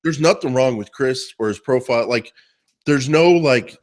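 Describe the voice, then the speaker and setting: A man's voice: mid-range voice, normal speed. A man co-hosting a podcast, telling a joking story in a teasing, casual way. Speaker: podcast co-host. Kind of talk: casual chat.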